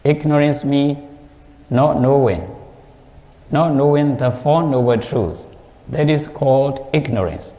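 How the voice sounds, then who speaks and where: A male Buddhist monk with a Burmese accent, teaching a class and explaining points slowly with a lot of repetition. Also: mid-range voice, mellow, roomy sound, long reverb tail. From Myanmar.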